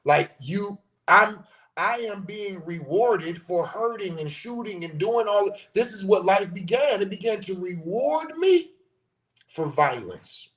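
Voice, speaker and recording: A middle-aged man in casual, profane storytelling on a podcast, animated and acting out what people said. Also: high voice, takes it slowly. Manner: profane, animated storyteller who acts out quotes. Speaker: podcast host.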